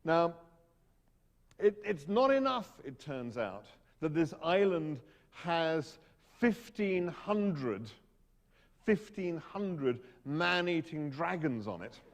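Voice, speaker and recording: A man's voice: fairly high pitch, big pitch swings, takes it slowly, long reverb tail. A man giving a humorous storytelling talk to an audience, wry and hesitant, often restarting his sentences. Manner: hesitant, self-interrupting, wry.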